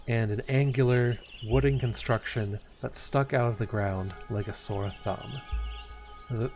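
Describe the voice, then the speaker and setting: A man's voice: medium pitch, a little mellow. A man streaming a narrative game, reading the story text aloud expressively, with stumbles and asides.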